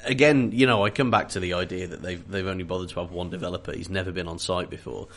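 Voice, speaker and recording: A man's voice: deep voice, steady tone, fast talker, a bit bright. A man with a mid-range voice co-hosts a casual book chat. He is sardonic and jokes through mock dialogue, with a bit of swearing. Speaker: podcast co-host.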